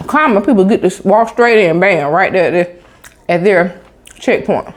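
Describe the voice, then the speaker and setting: A woman's voice: mid-range voice, moderate pace. A woman from Tampa, telling a sassy, emphatic story with sound effects in a casual vlog chat. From Tampa, Florida. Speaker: vlogger.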